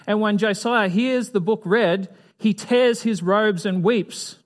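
A man giving a conversational Bible lesson in a fairly high voice. He talks casually and keeps asking his listeners questions. Now and then he acts out little scenes as he teaches. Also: slow. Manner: chatty, asks the audience questions, acts out voices. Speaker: preacher.

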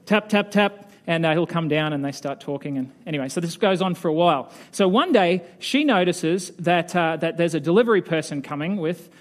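A male preacher telling a story to a congregation in an easygoing way. He pauses often with filler sounds and speaks in a fairly high voice. Slow parts trail into softer asides. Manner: relaxed, hesitant storyteller with many fillers. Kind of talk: sermon storytelling.

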